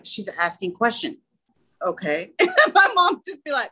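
A woman's voice: mid-range voice, sing-song, normal speed, bright, forceful tone, poor audio. A woman who runs a small school, speaking in a casual interview and telling earnest stories full of quoted dialogue. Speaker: small school or daycare founder.

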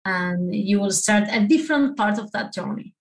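A woman, a guest in a casual interview, speaking haltingly with many restarts as she searches for words. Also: medium pitch, rough recording.

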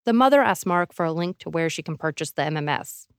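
Low-voiced woman narrating a podcast. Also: animated, clean tone, dry recording, studio quality. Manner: measured, dramatic. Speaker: podcast host. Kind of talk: scripted narration.

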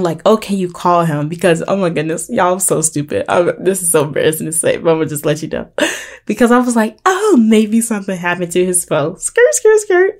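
A young woman vlogger telling a dating story to her viewers in a chatty, animated way and calling them y'all. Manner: animated, chatty, addresses viewers as y'all, jumps up high when excited. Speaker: vlogger giving relationship advice.

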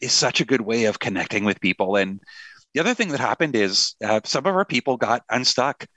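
A man's voice: medium pitch, expressive, fairly quick, sharp tone, no echo. A middle-aged man, a pastor and author, talking earnestly in a conversational interview with a touch of self-deprecating humor.

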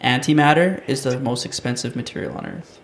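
A young man with a medium-pitched voice, quick and matter-of-fact as he trades trivia with friends. Faint noise and small clicks come through under him. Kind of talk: casual chat game.

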